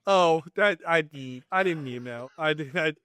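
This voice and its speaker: A man's voice: fairly high pitch, a little slow, a bit bright, smooth, dry recording. A man co-hosting a podcast, chatting casually about a film, joking and cursing, rambling with many restarts. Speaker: podcast co-host reviewing a film. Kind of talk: casual film review chat.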